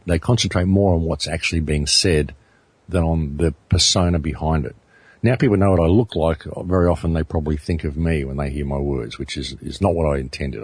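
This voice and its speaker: A man in his fifties with an Australian accent, talking earnestly as an interview guest, often pausing and repeating words as he thinks. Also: low voice, a little mellow, breathy edge, dry recording. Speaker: interview guest, documentary maker. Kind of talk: reflective interview talk.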